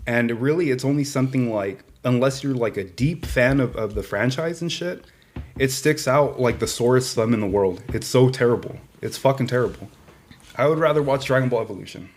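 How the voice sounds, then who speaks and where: Man, mid-pitched voice, podcast co-host, blunt and emphatic, casual profane chat. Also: a little fast, slight background noise.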